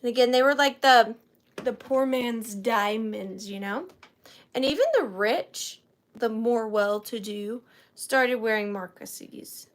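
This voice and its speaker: Speaking slowly in a voice on the high side, a woman hosts a livestreamed antiques auction from her home office. She greets viewers by name and counts down the bids.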